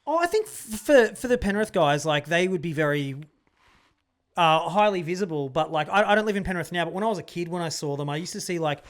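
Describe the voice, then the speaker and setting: Man, podcast co-host, hesitant rambling chat, slightly high pitch. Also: animated, fast talker. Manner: hesitant, rambling, self-deprecating. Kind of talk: casual chat.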